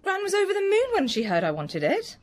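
A woman's voice: extremely high pitch, wildly swooping pitch, a little fast, heavily acted. An actress playing an earnest, insistent woman of thirty in a radio drama, pushing her brother to back her up. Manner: pushy, pleading. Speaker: farmer's daughter, cheese maker.

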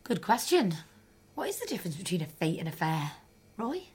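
A woman's voice: on the low side, sing-song, fairly quick, slightly rough, full character voice. An actress playing a cheerful, encouraging woman in a radio drama. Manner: bright, encouraging.

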